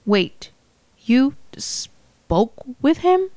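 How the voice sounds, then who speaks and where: A woman voicing a grieving widow who speaks slowly, coldly and cuttingly, pitched above her narrating voice. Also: animated, fairly bright tone, clean tone, dry recording. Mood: bitter. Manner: slow, cold and cutting. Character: grieving, bitter widow, cold and angry.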